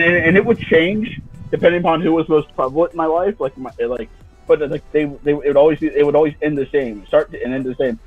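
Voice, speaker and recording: A man telling a story in a halting, casual way, repeating words as he goes. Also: mid-range voice, phone-quality sound.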